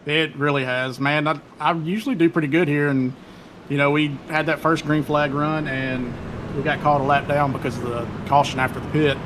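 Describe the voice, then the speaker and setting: A man's voice: on the high side, steady tone, moderate pace, a bit bright, slight background noise. Easygoing man, guest driver interview. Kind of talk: casual interview.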